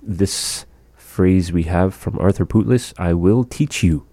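A man teaching a language lesson, repeating each phrase slowly and carefully for learners. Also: sits low, warm tone, dry recording.

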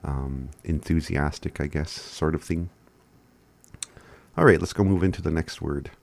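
A man giving a casual language lesson, laid-back and chuckling often as he spells words out slowly. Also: extremely low pitch, gravelly, no room sound. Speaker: language teacher.

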